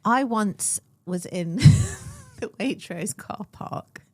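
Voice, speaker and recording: A woman co-hosting a podcast, chatting casually and teasing her co-host with quick comebacks. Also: mid-range voice, expressive, no echo. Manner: teasing, quick reactions and backchannels. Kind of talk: casual chat.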